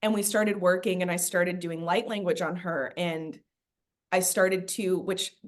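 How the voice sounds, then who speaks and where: Lower-voiced woman, chatty podcast storyteller who rambles with many fillers. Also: steady tone, unhurried. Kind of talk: casual spiritual podcast chat.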